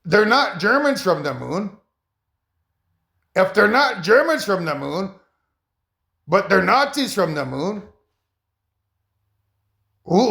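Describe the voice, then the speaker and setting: A man talks to his viewers in a loose, rambling way, his voice rising and falling a lot. He gets excitable and keeps laughing, his pitch jumping high in bursts. His voice sits a little higher than most men's. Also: unhurried, vocal fry, long pauses. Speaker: vlogger. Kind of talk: rambling casual monologue to viewers.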